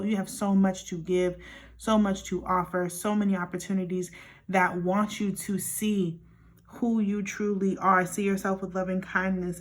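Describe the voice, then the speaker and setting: A young woman giving a pick-a-card tarot reading, earnest and encouraging, talking fast with many restarts. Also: on the low side. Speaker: tarot reader.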